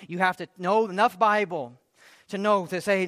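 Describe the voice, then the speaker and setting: Preacher guy giving a sermon, fairly high voice, earnest, lots of rhetorical questions. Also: moderate pace, a bit bright, no room sound, clean studio sound.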